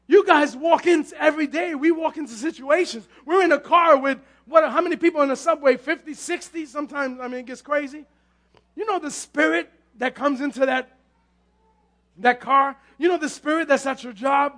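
A male pastor preaching a sermon with fervor, often repeating and stumbling over his words and breaking into shouts. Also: very high-pitched.

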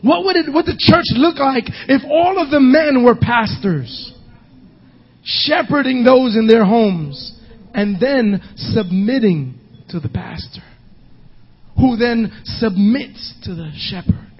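A male pastor preaching a sermon, emphatic, often shouting and half-singing his lines. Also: very high-pitched, lively intonation, takes it slowly, breathy edge, lo-fi sound.

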